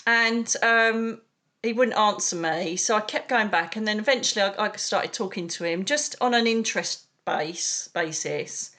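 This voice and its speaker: A middle-aged British woman, a psychic medium, talking in an animated, chatty way as an interview guest and calling people darling. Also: mid-range voice, a little slow. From United Kingdom. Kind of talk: casual interview chat.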